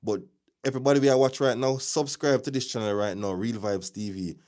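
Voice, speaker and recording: A man's voice: mid-range voice, steady tone, brisk. Jamaican man hosting a live news stream. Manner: chatty, addresses viewers, gives shout-outs, opinionated. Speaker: livestream news host. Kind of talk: casual live news commentary.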